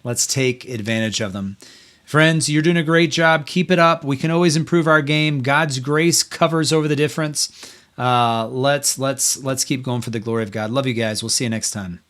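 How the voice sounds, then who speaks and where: A middle-aged man hosting a faith-based parenting talk. His pitch sits in an ordinary middle range, and he speaks in an earnest, encouraging, conversational manner. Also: normal speed, fairly bright tone. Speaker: podcast host.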